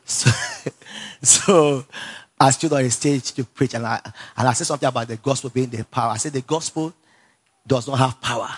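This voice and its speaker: In a breathy, medium-pitched voice at ordinary speed, a preacher with a Nigerian accent delivers a story-driven, animated sermon. He laughs often, repeats himself for effect and calls out for responses from the congregation.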